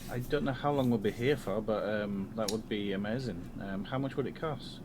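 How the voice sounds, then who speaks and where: A man playing a tabletop game, speaking hesitantly and politely with many pauses and ums. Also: fairly low pitch, noisy background. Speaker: player.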